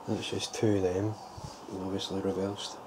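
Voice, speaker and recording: A lower-pitched man talks through his hobby model build in a loose, rambling way, circling back and correcting himself as he goes. A steady wash of background noise sits clearly under his voice. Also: moderate pace. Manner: rambling, thinking aloud with restarts. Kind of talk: casual show-and-tell vlog.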